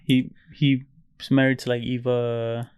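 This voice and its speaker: Laid-back young man, smooth voice. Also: mid-range voice, flat delivery, unhurried, darkish tone, no echo, studio quality. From United States. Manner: laid-back, swears casually in stories. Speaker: podcast co-host. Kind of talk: casual chat.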